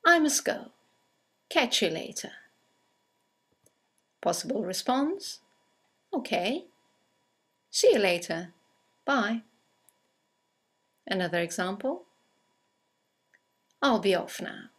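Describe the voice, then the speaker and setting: A woman narrating a scripted English conversation lesson, reading example greetings aloud with slow, clear delivery. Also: mid-range voice, very animated. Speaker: English teacher.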